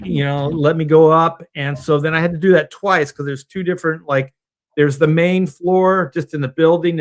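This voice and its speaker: A middle-aged man from Southern California, casually telling a long anecdote over a video call and acting out the people in it. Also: on the high side. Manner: animated anecdote teller, acts out quoted voices. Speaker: comic book artist guest on a panel stream.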